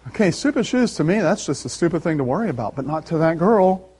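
A man pastor preaching a sermon, animated and emphatic, with dramatic pauses. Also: on the high side, breathy edge.

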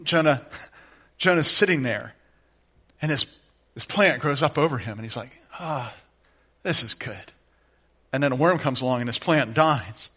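A man's voice: medium pitch, moderate pace, long pauses, sharp tone. A middle-aged man preaching a conversational sermon, asking the listeners direct questions. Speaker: pastor.

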